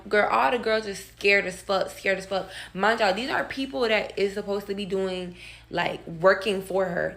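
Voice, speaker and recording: A woman's voice: medium pitch, fairly bright tone. A woman telling a salon horror story in a profane storytime rant, calling her listeners y'all. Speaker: storyteller in a clip.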